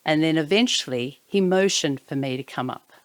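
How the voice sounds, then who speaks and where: A woman narrating a personal anecdote in an expressive way, sometimes dropping to hushed tones. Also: low voice, moderate pace, dry recording. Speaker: storyteller.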